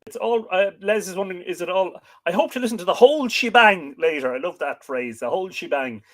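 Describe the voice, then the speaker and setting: With a high-pitched, animated voice and a fairly quick pace, an Irish livestream host chats casually through viewer comments, reading out names and greetings with many fillers. Now and then a dog barks in the background.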